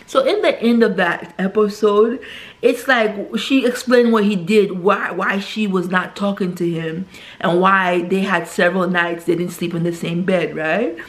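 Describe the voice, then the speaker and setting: A woman talking casually to her viewers in a rambling monologue, tagging "right?" onto her sentences. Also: moderate pace. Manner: rambling, says "right?" constantly; acts out quoted characters in a higher voice. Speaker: vlogger.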